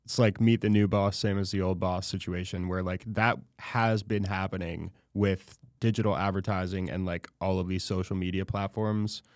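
A man's voice: sits low, fairly even intonation, moderate pace, few pauses, no room sound, studio quality. A man hosting a podcast in casual chat, talkative, with wry, self-aware asides. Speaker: podcast host.

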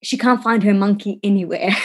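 A woman's voice: medium pitch, normal speed. Chatty woman telling stories. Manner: animated storytelling, swears casually. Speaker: podcast co-host. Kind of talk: casual chat.

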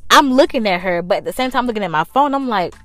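A young woman spins a casual storytime to her viewers, lively and blunt, with plenty of swearing thrown in. Her voice sits at an ordinary middle pitch, with soft music faint behind her. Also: fast talker, no echo. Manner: animated, addresses the viewers directly, swears freely.

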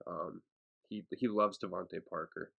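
Give me a man with a gravelly voice casually running through fantasy football picks. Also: sits low, steady tone, normal speed, narrow, tinny audio. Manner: hesitant, lots of ums and uhs. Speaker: podcast co-host.

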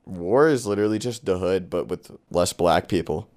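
A man's voice: deep voice, moderate pace, darkish tone. A man co-hosting a casual podcast with friends, blunt and teasing, laughing often. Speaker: podcast co-host. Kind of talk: casual joking chat among friends.

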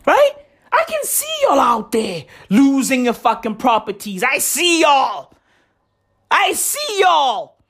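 A woman's voice: high voice, sing-song, takes it slowly, a bit bright, slightly rough, exaggerated voice. A woman playing a callous male president who speaks in a profane, mocking way during a comedy bit. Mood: sneering.

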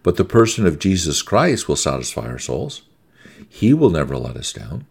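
A man's voice: a bass voice, sing-song, moderate pace, creaky, darkish tone, slightly rough. A middle-aged American man preaching a sermon, conversational and emphatic, repeating key words for stress.

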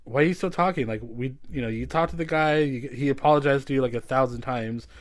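A man's voice: mid-range voice, quick pace, no echo. A man hosting a podcast, telling a long story in casual chat, full of fillers and swearing. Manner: rambling, heavy on "like" and swearing. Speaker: podcast host.

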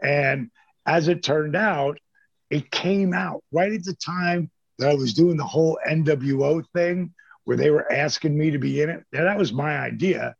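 Gravelly husky man telling stories. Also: fairly high pitch, no room sound. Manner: animated storyteller who acts out quotes, swears freely. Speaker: guest, former pro wrestler. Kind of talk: casual storytelling interview. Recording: dull lo-fi dry sound.

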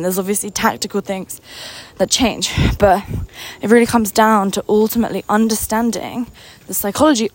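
A woman's voice: mid-range voice, a little mellow. A young woman business coach giving an unscripted motivational talk, enthusiastic, a little out of breath, repeating words for emphasis. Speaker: business coach and company founder.

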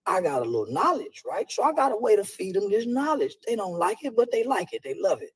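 A man who speaks to youth, delivering an emphatic, preachy monologue that swings between loud and hushed. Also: sits high, very animated, fast talker, breathy edge, no room sound, low-quality recording.

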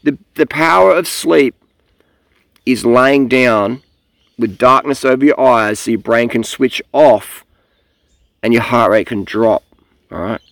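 Gravelly man ranting about training. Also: medium pitch, slow, long pauses, fairly bright tone, dry recording, studio quality. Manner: blunt, profane, rambling, swears freely. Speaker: cycling vlogger. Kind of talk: casual rambling monologue. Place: outdoors.

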